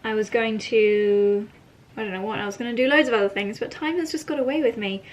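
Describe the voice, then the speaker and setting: A woman's voice: a little high, steady tone, a little fast, a little hiss or hum, poor audio. A woman chatting casually to camera at home in a playful, giggly way. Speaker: lifestyle vlogger. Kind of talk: casual vlog chat to camera. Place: at home indoors.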